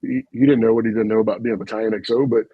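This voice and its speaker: A man, a retired army officer, telling stories in an animated, folksy way on a casual podcast. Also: lowish voice, racing, slightly rough, dry recording, narrow, tinny audio. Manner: animated, folksy storyteller with frequent asides and laughs.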